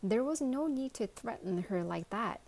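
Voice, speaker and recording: A woman's voice: fairly high pitch, lively intonation, normal speed, vocal fry, a little mellow, pitched above the performer's own voice. Woman doing an earnest upset young boy.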